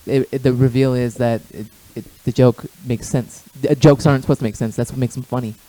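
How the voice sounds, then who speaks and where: A man's voice: medium pitch, fairly even intonation, quick pace, dark tone. Argumentative man repeating himself. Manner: argumentative, stumbles and repeats words, laughs often. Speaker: podcast guest. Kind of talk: casual chat.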